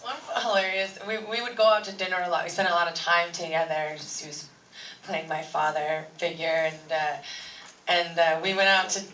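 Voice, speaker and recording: A woman's voice: lowish voice, steady tone, moderate pace, a bit bright. A woman on a convention panel telling a story casually, often laughing as she talks. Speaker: film actor on a convention panel. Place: large convention hall. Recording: echoey hall, voice from far off.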